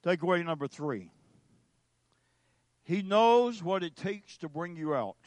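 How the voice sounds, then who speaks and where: A male pastor delivers a sermon in a slow, deliberate way, leaning hard on single words and letting pauses hang. His voice sits high for a man. The sound is dry and close. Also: expressive, dry recording. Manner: slow, emphatic preaching with dramatic pauses.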